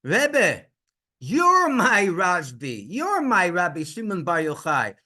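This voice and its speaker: A man voicing an older father who pleads tearfully with his rabbi, his voice strained and pushed high. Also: huge pitch swings, slow, pushed and bright, exaggerated voice.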